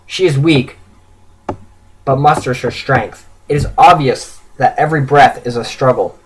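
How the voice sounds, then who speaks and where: A man's voice: medium pitch, measured pace, a little hiss or hum, low-quality recording. A man reading his own written story aloud in an earnest way, with stumbles and self-corrections.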